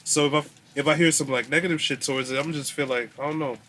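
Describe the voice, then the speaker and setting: A young artist on a casual podcast with a bright, slightly high voice, earnest and slangy. Faint room ambience underneath. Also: male voice, fairly even intonation, quick pace, slight background noise. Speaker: podcast guest, music artist.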